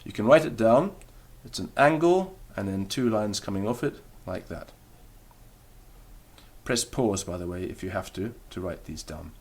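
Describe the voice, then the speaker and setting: A man with a fairly low voice teaches a recorded beginner language lesson. He explains each point patiently, step by step, and stops to demonstrate the sounds himself. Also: expressive, normal speed, darkish tone, breathy edge.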